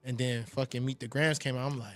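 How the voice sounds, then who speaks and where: Fast-talking, animated male music producer. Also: medium pitch, no room sound. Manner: fast, animated, profane storytelling. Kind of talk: casual storytelling in interviews.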